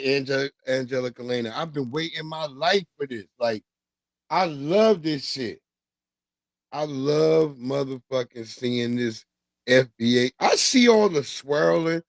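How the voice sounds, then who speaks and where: A man's voice: fairly high pitch, a little slow, dry recording. A man hosting a casual livestream, talking loosely with profanity and street slang. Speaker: livestream host.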